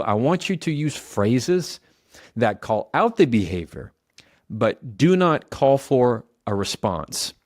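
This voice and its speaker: A man's voice: medium pitch, no echo, studio quality. A man giving earnest communication advice, coaching the listener and acting out example phrases. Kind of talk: advice talk to camera.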